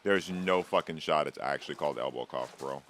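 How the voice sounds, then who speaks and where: With a very deep yet fairly bright voice, a man talks a little fast to his viewers while streaming a game live. His casual chat rambles and teases, and he swears freely.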